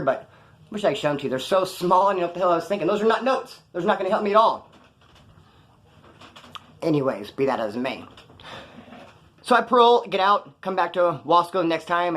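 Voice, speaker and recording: A man's voice: on the high side, fairly bright tone. A man casually telling prison stories to camera in a rambling, slangy way, acting out quoted dialogue.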